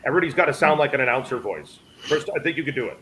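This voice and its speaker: A man's voice: medium pitch, lively intonation, rapid-fire. Pushy salesman-style male panelist. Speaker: panelist on fundraiser stream. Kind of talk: casual chat. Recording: noisy stream audio.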